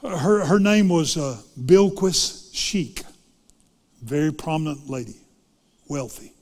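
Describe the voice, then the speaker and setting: A man preaching a sermon, swinging dramatically between loud fervent lines and hushed ones. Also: on the high side, lively intonation, slow, long reverb tail.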